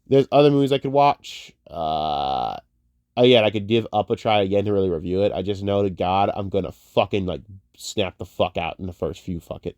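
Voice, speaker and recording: A young online commentator rants casually and profanely about movies, heated and prone to tangents, lurching from mutters to loud outbursts. His voice sits low and moves briskly, with no echo.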